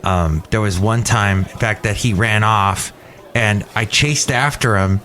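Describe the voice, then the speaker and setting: A man's voice: lowish voice, measured pace, a bit bright. A man hosting a podcast, telling rambling, playful stories in casual chat at a cafe. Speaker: podcast host.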